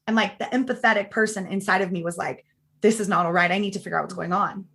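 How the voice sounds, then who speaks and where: A woman's voice: medium pitch, steady tone, fast, vocal fry, fairly bright tone. A woman in her thirties, a podcast interview guest, telling her story in a chatty way and acting out quoted talk with lots of "like". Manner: chatty, acts out quoted dialogue in changed voices, many "like" fillers.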